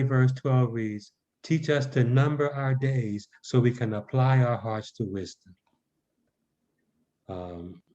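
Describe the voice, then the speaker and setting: A man from Baltimore, a numerologist guest on a podcast, speaking in a measured way. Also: mid-range voice, a little mellow. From Baltimore, Maryland. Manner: measured, spells out web addresses slowly. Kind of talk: podcast interview. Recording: dull lo-fi audio.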